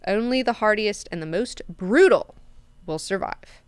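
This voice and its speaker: A woman's voice: mid-range voice, expressive, unhurried, clear, resonant tone, no room sound. A woman hosting a book club, recapping chapters in a chatty way, full of fillers and casual swearing.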